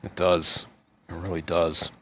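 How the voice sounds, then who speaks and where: A man's voice: low voice, level tone, unhurried, pushed and bright. A man co-hosting a podcast, rambling and laughing often, swearing freely in casual chat. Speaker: podcast co-host.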